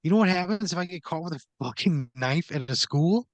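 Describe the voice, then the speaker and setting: A man's voice: on the high side, animated, brisk, no echo, lo-fi sound. A man co-hosting a comedy podcast, reacting in an incredulous, indignant way and swearing freely. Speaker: podcast co-host. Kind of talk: casual comedic chat.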